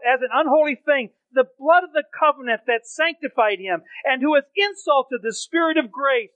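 A man preaching a sermon, swinging from loud emphatic phrases to low quiet asides. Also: moderate pace, few pauses, no echo. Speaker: pastor. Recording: dry, tinny phone-like sound.

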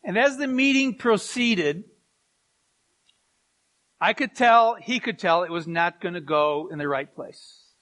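A man's voice: high voice, measured pace, pauses often, a bit bright. A middle-aged man, a pastor, preaching a sermon and telling stories with chuckles and asides.

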